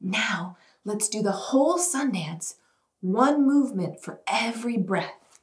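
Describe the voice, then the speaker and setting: A woman teaching children mindfulness, leading breathing exercises and movement with slow, soothing instructions and bits of sing-song. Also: on the high side, expressive, far from the mic. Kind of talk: gentle guided breathing and movement lesson for children. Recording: echoey room, voice a bit off-mic.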